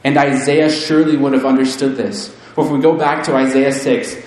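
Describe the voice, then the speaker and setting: A man's voice: flat delivery, brisk, darkish tone. Male preacher, earnest and solemn, strong room echo. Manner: earnest, builds to fervent emphasis, then drops low and solemn. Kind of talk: sermon. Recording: very echoey room.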